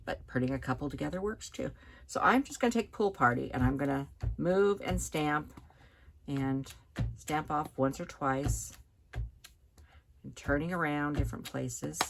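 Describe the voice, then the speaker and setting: A woman giving a chatty, relaxed hands-on card-making tutorial, talking as she works at her craft table. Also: deep voice, measured pace, creaky, a little hiss or hum. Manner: chatty, relaxed, talks while working. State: hiccups.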